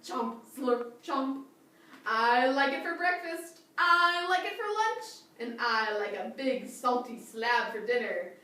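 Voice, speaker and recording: A squealing, theatrical crocodile who adores watermelon, as a woman reads him aloud in a storybook. His voice leaps very high and swoops about wildly. It sounds far from the mic in a hollow, echoey room with steady hiss. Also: slow pace, full character voice. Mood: delighted. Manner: theatrical, exclaiming, squealing when alarmed. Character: watermelon-loving male crocodile, dramatic and panicky.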